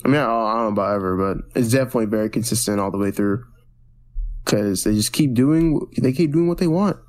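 A man co-hosting a casual pop-culture podcast, recapping a TV episode in a rambling way with many restarts and quick acted-out quotes. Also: fairly low pitch, darkish tone. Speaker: podcast co-host.

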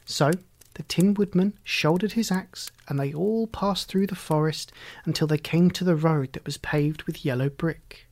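A narrator reading a children's storybook aloud in a measured way, sometimes dropping near a whisper. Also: medium pitch, a little mellow. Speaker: audiobook narrator.

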